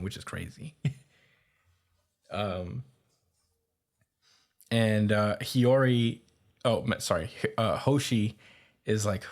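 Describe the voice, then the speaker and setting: A man's voice: on the low side, takes it slowly, pauses often. A man hosting a podcast, casually recapping a comic's plot with many fillers, stumbles and chuckles. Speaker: podcast host.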